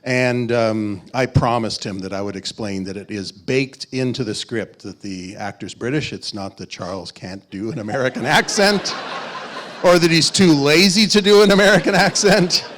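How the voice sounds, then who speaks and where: A man at mid pitch who co-writes and directs films. He tells stories at a festival panel with lively, laughing energy. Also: moderate pace, slight background noise. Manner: animated, laughing anecdotal storytelling. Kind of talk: casual panel talk.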